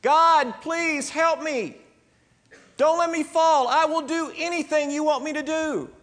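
A preacher acting out a desperate man hanging from a cliff, shouting and pleading for help in a high, strained voice. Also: fairly even intonation, measured pace, in a large hall. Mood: panicked pleading.

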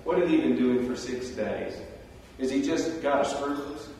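A man giving a sermon, telling the story in a conversational way with animated asides. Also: mid-range voice, moderate pace, vocal fry, a little hiss or hum. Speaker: preacher. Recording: roomy hall, distant mic.

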